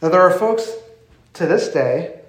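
A man's voice: high-pitched, lively intonation, measured pace. A man preaching a sermon in a conversational way, acting out quoted voices. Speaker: pastor. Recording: echoey hall, mic far off.

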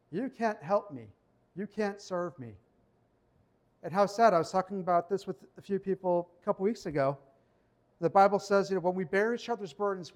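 A man with a high-pitched voice preaching a sermon in a church. He keeps it conversational and personal, and he slows his pace when reading Bible verses aloud. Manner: conversational preaching, reads scripture slowly. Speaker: pastor.

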